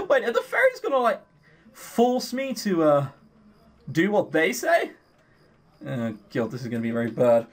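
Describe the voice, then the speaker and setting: A man's voice: fairly high pitch, huge pitch swings, normal speed, pauses often, faint music behind. A man joking sarcastically while playing a visual novel. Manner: sarcastic, jokey, sweary asides. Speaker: let's play host. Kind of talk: casual visual novel commentary.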